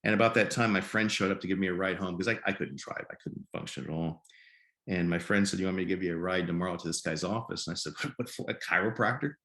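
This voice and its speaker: A man in his fifties from Nebraska, a podcast guest telling his story in a halting way and often repeating words. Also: deep voice, steady tone, fairly bright tone. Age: 50s. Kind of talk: conversational storytelling. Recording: roomy echo.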